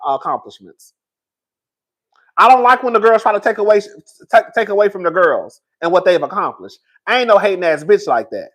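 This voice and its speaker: High, lively, dramatic man. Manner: dramatic, swings from loud outbursts to calm; sassy, calls listeners girl. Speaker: YouTube reality TV commentator. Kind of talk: casual reaction commentary.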